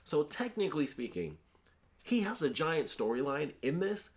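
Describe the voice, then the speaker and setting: A man's voice: fairly high pitch, sing-song, moderate pace. A man giving a casual, chatty movie review, talking animatedly with lots of filler words.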